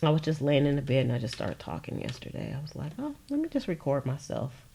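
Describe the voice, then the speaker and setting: A woman's voice: low voice, huge pitch swings, fast, creaky, dark tone, a little hiss or hum. A woman chatting casually with viewers while she makes journal pieces at a sewing machine, laughing often and addressing them as "y'all". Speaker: junk journal crafter. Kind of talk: casual crafting livestream chat. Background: sewing machine running.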